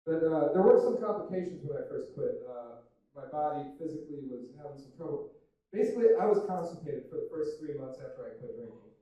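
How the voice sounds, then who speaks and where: A young man doing a stand-up comedy set, self-deprecating and deadpan, with loose fillers and swearing. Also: fairly high pitch, normal speed. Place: comedy club stage with audience laughter. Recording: very echoey room, from some distance. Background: audience laughter.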